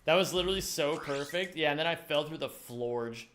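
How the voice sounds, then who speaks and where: A man's voice: a little high, fairly quick, a bit bright, slight background noise. A young man streaming a speedrun, chatting casually and joking with a rambling, giggly manner. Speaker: game streamer. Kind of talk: casual chat while speedrunning a game. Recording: game music behind.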